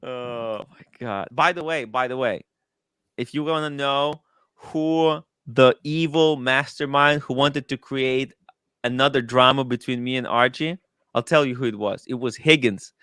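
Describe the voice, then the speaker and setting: Excitable man with a crisp voice. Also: medium pitch, no echo, clean studio sound. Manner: excitable, animated, quick asides to chat. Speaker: livestream host. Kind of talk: casual livestream chat. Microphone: studio microphone.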